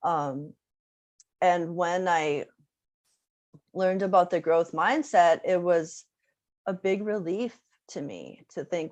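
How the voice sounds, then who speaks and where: Woman music teacher presenting a workshop, lower voice, slow unhurried pace, chatty with lots of "um" and "right?". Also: a little mellow. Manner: conversational, many fillers and tag questions. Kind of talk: casual online presentation.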